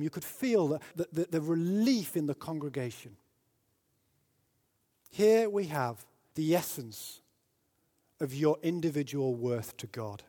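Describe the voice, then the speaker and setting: British guy preaching, kinda high voice, lots of echo in the hall, storytelling sermon. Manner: storytelling, rises to loud emphatic peaks. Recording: long hall reverb.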